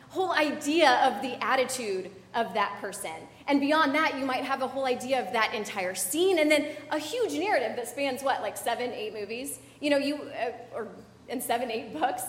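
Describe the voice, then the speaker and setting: High-voiced woman preaching in echoey church. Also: a bit bright. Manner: conversational, chatty with fillers and audience asides. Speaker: pastor. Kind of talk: sermon. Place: church sanctuary.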